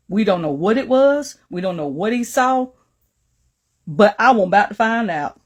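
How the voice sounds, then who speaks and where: An older woman, a grandmother, telling a story into her phone in a lively way that swings from soft to loud. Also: a little high, normal speed. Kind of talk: casual storytelling.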